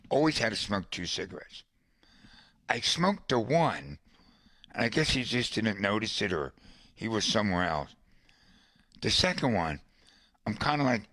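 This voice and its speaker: Low-voiced man telling stories, unhurried. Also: bright, forceful tone, no echo. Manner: conversational, colorful storyteller with asides. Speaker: podcast host. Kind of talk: casual storytelling monologue.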